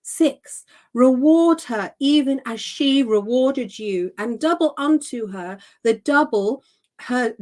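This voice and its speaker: Female host, slightly high pitch, earnest scripture teacher who leans hard on repeated words. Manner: stresses key words, repeats phrases for emphasis. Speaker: host reading and explaining scripture. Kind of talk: emphatic scripture teaching on a live show.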